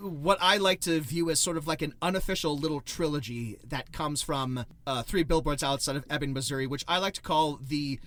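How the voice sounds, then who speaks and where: A man with a high, bright voice leads a loose podcast chat about films. He is wry and sarcastic and swears freely as he talks. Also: a little fast, few pauses. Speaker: podcast host. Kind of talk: casual movie podcast chat.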